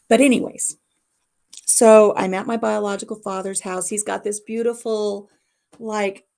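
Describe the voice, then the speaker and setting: A middle-aged woman hosts a casual livestream from her home, telling a family story in a rambling, heartfelt way. Her voice has a gravelly, creaky edge and sits at an ordinary pitch for a woman. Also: a little mellow. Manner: rambling, emotional personal storytelling. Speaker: livestream host.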